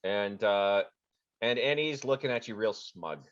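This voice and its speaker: A man narrating as game master of a tabletop game, animated with frequent restarts, in a dull lo-fi recording. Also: lowish voice, a little slow, smooth.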